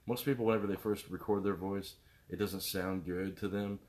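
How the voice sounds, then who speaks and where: A middle-aged musician with a deep voice talks at a moderate pace, rambling casually to viewers on his live stream. He's animated, greeting people by name and hopping from one topic to the next.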